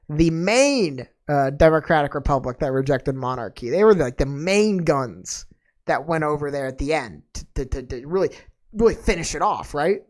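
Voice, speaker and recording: A woman hosting a podcast in casual chat, rambling off on tangents with a slangy, laid-back manner and plenty of fillers and restarts. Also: fairly low pitch. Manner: laid-back and slangy, calling listeners dude and man. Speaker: podcast host.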